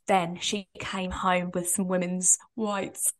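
A woman's voice: medium pitch, normal speed, hardly any pauses, bright, forceful tone. A woman, co-hosting a podcast in a rambling, chatty way and laughing often. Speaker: podcast co-host. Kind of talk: casual chat.

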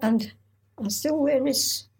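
An older woman recalls her past in an interview, speaking haltingly with frequent restarts and pauses. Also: high-pitched, darkish tone. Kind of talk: oral history recollection.

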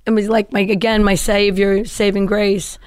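A woman's voice: medium pitch, level tone, moderate pace, a little mellow, clean tone, no room sound. Chatty, self-mocking woman comedian. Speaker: comedian guest. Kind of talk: candid storytelling interview.

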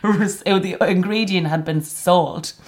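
An Irish woman in her forties chatting casually, telling lively stories and acting out what people said. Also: lowish voice, slow pace. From Ireland. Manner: animated storytelling, acts out quotes. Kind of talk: casual podcast chat.

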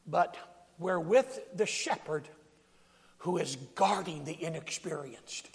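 A man with a high, gravelly voice preaches in a church sanctuary, taking his time over each phrase. He acts out scripture in a dramatic way and calls out to the congregation. His voice rings with the long reverb of a big hall. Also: slow. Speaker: pastor. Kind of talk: sermon.

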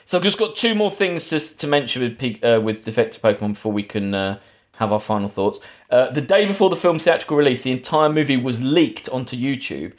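A man's voice: medium pitch, animated, brisk. Rambling man recapping a film. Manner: rambling, recaps the plot with many restarts. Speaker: podcast host. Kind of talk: casual film chat.

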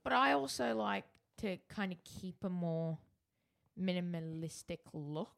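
A man's voice: sits high, lively intonation, measured pace, vocal fry, a bit bright. A man co-hosting a podcast in a playful, teasing way. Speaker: podcast co-host. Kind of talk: casual podcast chat.

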